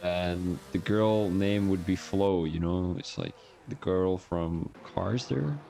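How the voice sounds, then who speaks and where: A man's voice: low voice, takes it slowly, creaky, hardly any pauses, mellow, a little hiss or hum. A man with a Belgian accent giving rambling, joking, self-mocking commentary on a live-streamed sim racing league.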